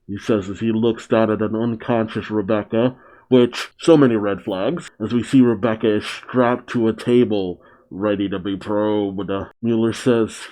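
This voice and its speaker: Brief: male manga reaction host, casual recap, mellow low timbre. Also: steady tone, measured pace. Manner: chatty, exclaiming asides.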